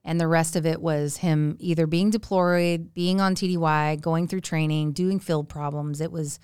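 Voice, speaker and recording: A woman's voice: low-pitched, steady tone, normal speed, darkish tone, clear, resonant tone, dry recording, studio quality. A woman in her forties telling family stories in a casual chat, acting out the people she quotes with big jumps in her voice. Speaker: podcast guest. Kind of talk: casual storytelling.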